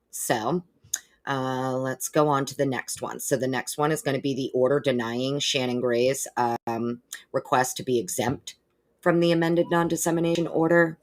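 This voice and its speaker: Woman, live-stream host; casual, animated, swears freely, calls viewers darling. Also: extremely low pitch, normal speed. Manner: chatty, profane, greets viewers by name; animated, with exaggerated put-on quote voices.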